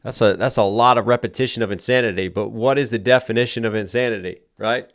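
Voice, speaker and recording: A man's voice: medium pitch, quick pace, no echo, clean studio sound. A man hosting a music reaction video, quoting lyrics back and breaking down the rhymes and delivery with enthusiasm. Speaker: reaction video host and rapper.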